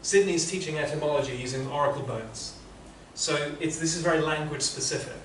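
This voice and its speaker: A man's voice: a little high, brisk, fairly bright tone, distant mic, a little hiss or hum. Man giving echoey classroom feedback. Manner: patient, explanatory, many restarts. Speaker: interpreting teacher giving feedback.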